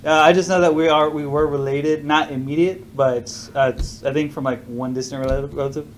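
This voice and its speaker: A man's voice: fairly high pitch, a little hiss or hum. Laughing, rambling man on a podcast. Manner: laughs often, trails off with fillers. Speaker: podcast co-host. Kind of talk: casual group chat.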